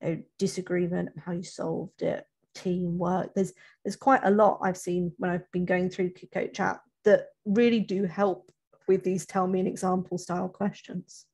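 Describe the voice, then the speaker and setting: Low husky woman with a gravelly edge. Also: little pitch movement, moderate pace, darkish tone. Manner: chatty, self-correcting, many restarts. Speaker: interview coach. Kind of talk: casual webinar talk.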